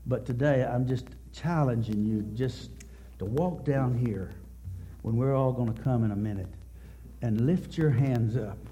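Preaching at a church service, a middle-aged male pastor tells a story in a hesitant way, repeating words frequently. He speaks in a warm, mid-range voice.

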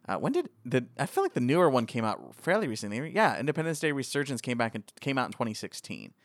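A man chatting casually about a movie with friends, animated and joking, often jumping into high excited voices. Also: fast, dry recording, clean studio sound.

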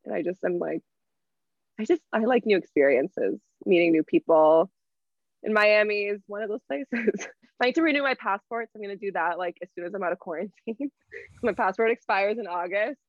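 A woman's voice: medium pitch, moderate pace, dry recording, dull audio. A young adult woman guest in casual chat, frank and laughing often, with some swearing, heard through an earbud mic. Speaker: podcast guest.

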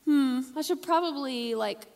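A woman's voice: sits high, measured pace, gravelly, darkish tone. A woman voicing a young king who talks in a casual, hesitant way while asking for advice. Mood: musing. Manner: casual, hesitant, modern-sounding. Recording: long hall reverb.

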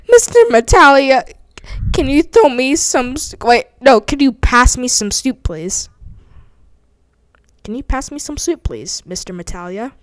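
A woman's voice: high-pitched, sing-song, takes it slowly, dry recording. A young woman improvising a playful role-play with a friend, giggly and prone to melodramatic shrieks.

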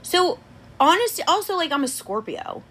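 A young woman hosting a podcast, telling a dating story in an animated, chatty way. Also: extremely high pitch, normal speed, a little hiss or hum. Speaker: podcast host. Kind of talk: casual chat.

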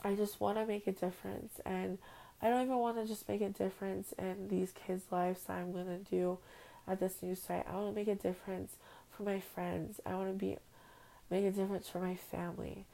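A woman's voice: mid-range voice, flat delivery, a little fast, gravelly, mellow, low-quality recording. A young woman hosting her own podcast, recording at home on her phone and talking in a heartfelt, rambling, emotional personal monologue. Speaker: podcast host. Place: at home on a bed.

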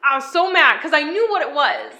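A young woman telling a story in casual chat, animated and swearing freely. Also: high-pitched, brisk. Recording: echoey room.

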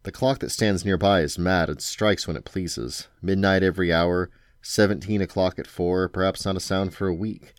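A man's voice: low-pitched, fairly even intonation, moderate pace, dry recording, clean studio sound. A man voicing a fierce, insistent woman pleading for answers in a storybook. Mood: urgent pleading. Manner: urgent and insistent. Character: fierce, eager grown woman pleading with a cat. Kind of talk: storybook read-aloud.

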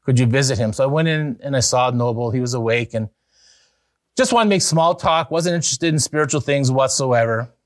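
A man preaching an evangelistic sermon as pastor, telling a story in an earnest way that rises to excited emphasis. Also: mid-range voice, brisk, no room sound, studio quality.

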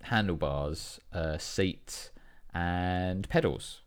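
A British man co-hosting a podcast, telling a story in an animated way and swearing when he gets worked up. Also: deep voice, extremely slow, a crowd in the background. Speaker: podcast co-host. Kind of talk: casual chat.

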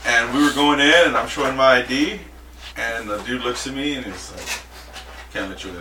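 A man's voice: medium pitch, a little fast. A man from Southern California, a football coach, telling stories in casual chat and acting out the people in them. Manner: animated storyteller who acts out the people in his stories. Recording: roomy sound from a distant mic with faint noise.

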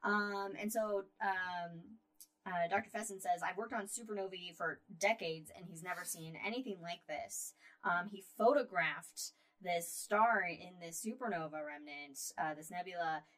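A woman's voice: on the low side, unhurried. Chatty woman co-hosting a casual podcast. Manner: chatty, lots of fillers, swings in loudness. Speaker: podcast co-host. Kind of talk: casual astronomy chat.

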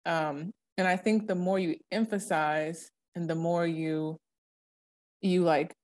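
A young woman with a slightly low voice chats on a faith podcast. She talks earnestly, with plenty of casual fillers. She leans hard into the words she wants to land. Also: fairly even intonation, slow, a little mellow. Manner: earnest, emphatic, dramatic when quoting scripture. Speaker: podcast co-host. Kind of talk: casual Christian podcast chat.

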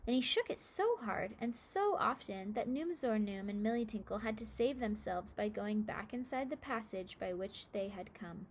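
A woman reading a children's story aloud with steady, expressive narration. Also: medium pitch, moderate pace, few pauses, a little hiss or hum.

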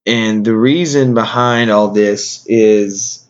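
A man hosting a podcast, speaking a casual tribute monologue in a halting way, often repeating his words. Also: lowish voice. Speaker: podcast host. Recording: dull lo-fi sound.

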